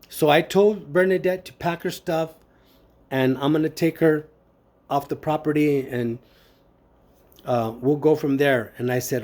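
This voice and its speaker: A man giving personal testimony, telling a family story in a halting way with many pauses and fillers, acting out the dialogue he quotes. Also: a little high, darkish tone.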